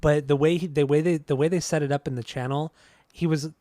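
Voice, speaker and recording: A man co-hosting a music podcast in casual chat, relaxed and enthusiastic as he talks through the music. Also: a little high, quick pace, no echo, clean studio sound. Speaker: podcast co-host.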